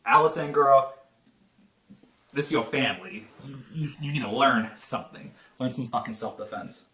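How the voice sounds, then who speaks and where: A man rattles through a casual movie review in a bright, forceful voice, animated and swearing freely. He talks fast and with a lot of energy, never slowing into a formal tone. The sound is roomy, with a clear echo from the space around him. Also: medium pitch. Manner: animated and heavily profane, talking fast. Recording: echoey room.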